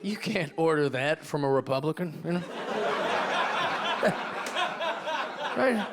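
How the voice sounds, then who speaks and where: A man's voice: on the high side, wildly swooping pitch, takes it slowly, vocal fry, heavy background noise. A man from Seattle doing a stand-up comedy set on stage with a handheld mic, ranting energetically with restarts and frequent "right?". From Seattle, USA. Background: audience laughter.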